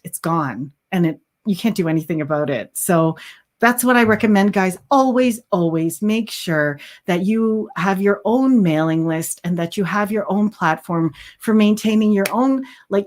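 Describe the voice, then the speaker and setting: A woman hosting a casual livestream chat, talking chattily with many fillers and restarts and reading out viewer comments. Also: medium pitch. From Canada. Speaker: livestream host, handmade hat seller.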